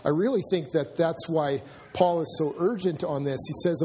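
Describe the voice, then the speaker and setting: A man preaching a sermon in a church, earnest and halting, often restarting his sentences and filling pauses. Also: fairly high pitch, a little mellow, slight background noise. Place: church sanctuary.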